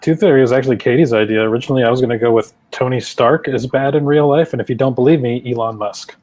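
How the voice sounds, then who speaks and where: A man's voice: mid-range voice, fast talker, a little mellow, no echo, low-quality recording. A man competing as a comedian on a live debate show, making dry quips. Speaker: comedian contestant. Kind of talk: comedic banter.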